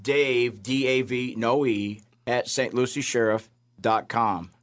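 A man's voice: mid-range voice, slow. A man who works as a jail chaplain, telling personal stories of faith in a radio interview and acting out the voices of the people in them. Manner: animated storyteller, acts out voices.

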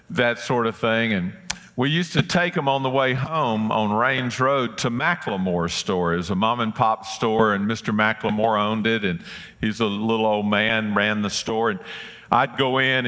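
A man preaching in a big hall with a long, ringing reverb. His voice is bright and forceful. He tells a childhood story in a folksy way and acts out the voices of the people in it. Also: lowish voice. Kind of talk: sermon with personal storytelling.

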